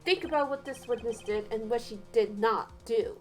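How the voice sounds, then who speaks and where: A woman voicing a cool, composed male prosecutor with a lowered, measured delivery, as part of a game voice reading. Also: soft background music, lightly acted. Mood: grave. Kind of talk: let's play voice reading.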